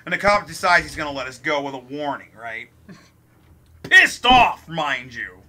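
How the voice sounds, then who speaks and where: A young man from Ohio telling a wild story while playing a game, swearing constantly and animated. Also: fairly high pitch, normal speed. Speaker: let's play co-host. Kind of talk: profane storytelling during a game.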